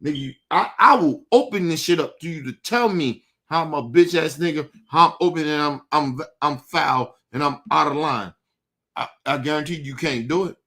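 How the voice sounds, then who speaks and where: Male host, furious streamed rant, swears constantly, calls out his target head-on, slightly raised pitch. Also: moderate pace, pushed and bright. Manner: angry, profane and repetitive; confrontational, addresses his target directly. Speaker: show host. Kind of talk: heated monologue to the audience.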